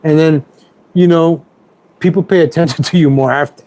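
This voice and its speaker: A man's voice: on the high side, normal speed, dark tone, a little hiss or hum, low-quality recording. A middle-aged man ranting on a casual home stream, rambling and repeating himself, angry at everything. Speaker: YouTube streamer. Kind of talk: casual political rant stream.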